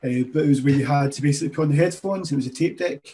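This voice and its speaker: A man's voice: fairly high pitch, very fast, warm tone. A man co-hosting a podcast, telling a school memory in a chatty way. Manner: storytelling, chatty. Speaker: podcast co-host. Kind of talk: casual podcast chat.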